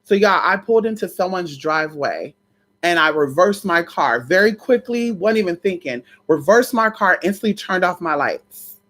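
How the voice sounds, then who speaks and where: A woman with a somewhat low voice tells a personal story straight to her viewers. She is animated and salty-mouthed, and she keeps calling out to the audience as "y'all". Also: moderate pace. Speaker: vlogger telling a personal story. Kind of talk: casual storytime.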